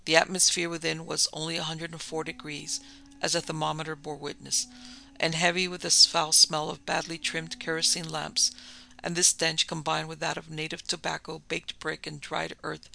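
Gravelly male audiobook narrator. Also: on the high side, sharp tone, low-quality recording. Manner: measured, descriptive. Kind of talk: scripted narration of a classic story.

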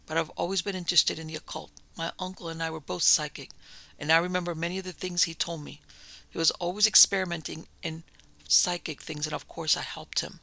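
A man's voice: a little high, level tone, a little fast, gravelly, sharp tone, dry recording, heavily acted, low-quality recording. A man voicing a determined young occult-minded woman. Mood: earnest. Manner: earnest, commanding. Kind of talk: audiobook character voice.

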